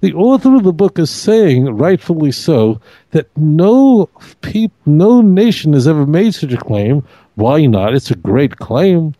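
A man's voice: a little high, sing-song, measured pace, dark tone, no room sound, poor audio. A man, a rabbi and co-host, teaching scripture with emphatic, argumentative energy, often quoting others. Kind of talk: animated Torah study discussion. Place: radio studio.

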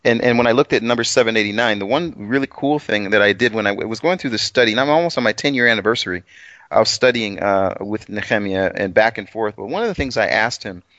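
A man's voice: on the low side, fast, fairly bright tone, dry recording, lo-fi sound. A man co-hosting a casual Bible study chat, rambling and self-deprecating, with plenty of restarts. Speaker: co-host.

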